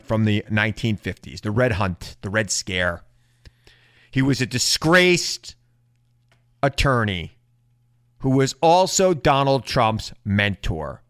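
A man giving an impassioned political monologue, indignant and building to loud rhetorical questions. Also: medium pitch, no room sound, studio quality. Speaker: political commentator.

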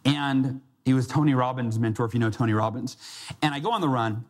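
This success coach and speaker talks a little fast in a medium pitch. Before a live audience, his motivational talk centers on a personal story, with the quoted voices acted out.

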